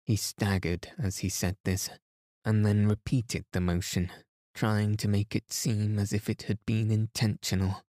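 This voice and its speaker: Slow, low-voiced man reading a bedtime story. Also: no room sound, clean studio sound. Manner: slow, soothing, even reading. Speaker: sleep podcast host. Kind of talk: calm bedtime audiobook narration.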